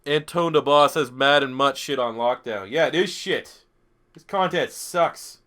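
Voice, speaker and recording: Here the Canadian gaming streamer speaks in a mid-range, slightly bright voice at a measured pace. He's a young man commentating on a football game he's playing live, reading chat aloud and responding with crude, profane bluntness.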